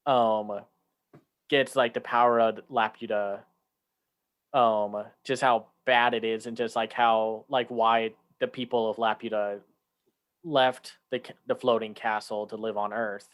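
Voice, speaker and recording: A man's voice: lowish voice, level tone, unhurried, fairly bright tone. A man co-hosting a casual chat, talking loosely with many fillers and restarts, sometimes acting out lines in a raised voice. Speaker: podcast co-host.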